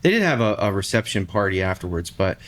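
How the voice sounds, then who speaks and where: Brief: male podcast co-host, somewhat low voice, loose, anecdotal delivery. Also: big pitch swings, quick pace, fairly bright tone. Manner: rambling, storytelling, lots of fillers. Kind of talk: casual chat.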